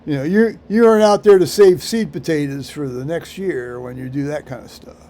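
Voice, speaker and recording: A man rambling through a solo vlog monologue, halting with many fillers and restarts, with dry dark humor. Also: a little high, slight background noise. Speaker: vlogger.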